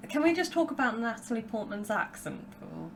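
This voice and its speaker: A woman's voice: a little high, very animated, fairly quick, creaky, slight background noise. Rambling British woman, podcast guest. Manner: rambling, full of "like" and restarts. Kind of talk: casual chat.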